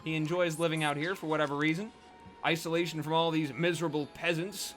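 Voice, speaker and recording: A man rambles through a casual let's play, chatty and full of fillers. His voice sits a little high and sounds bright and sharp. Soft game music plays faintly underneath. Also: fairly even intonation, fast. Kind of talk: casual gameplay commentary.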